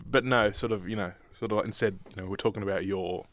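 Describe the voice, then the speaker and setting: A man's voice: lowish voice, steady tone, fast, slight background noise. A man co-hosting a radio show, hesitant and full of fillers, with dry joking. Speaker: co-host. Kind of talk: casual chat.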